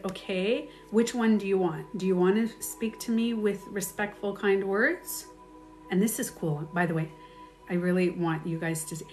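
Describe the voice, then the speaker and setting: A woman coach talks through relationship advice in a candid, animated way and laughs at her own stories. Her voice sits at an ordinary middle pitch, with soft music playing faintly behind her. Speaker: life coach host. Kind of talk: casual advice talk.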